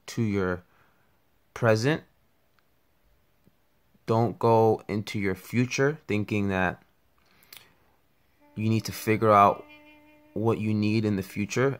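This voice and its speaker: A man's voice: fairly low pitch, a bit bright, smooth. A man giving an earnest, reflective spiritual talk, telling a parable along the way. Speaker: spiritual teacher. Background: faint music.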